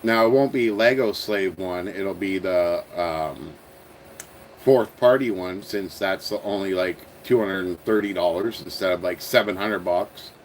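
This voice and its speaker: A man with an Ontario Canadian accent hosts a casual livestream for his toy-building channel, rambling, chuckling at himself, and trailing off into mumbles as he answers viewers. His voice is low and unhurried, and the rough recording has slight background noise.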